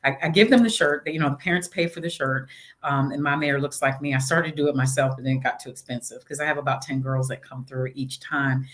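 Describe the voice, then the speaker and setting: A middle-aged woman, a mayor, chatting casually in an interview and telling stories with lively acted-out quotes. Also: rumbling low, fast talker. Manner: animated storytelling, acts out quotes.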